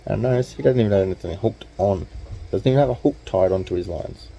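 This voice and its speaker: Laid-back Australian man with a dark voice. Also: on the low side, quick pace, vocal fry, breathy edge, rough recording. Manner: laid-back, chatty, slangy. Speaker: vlogger. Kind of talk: casual storytelling.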